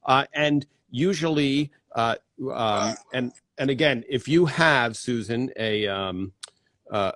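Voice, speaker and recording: A man's voice: mid-range voice, takes it slowly, fairly bright tone, dry recording. A middle-aged man from New Jersey hosting a casual livestream, greeting viewers one by one with many fillers. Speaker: host.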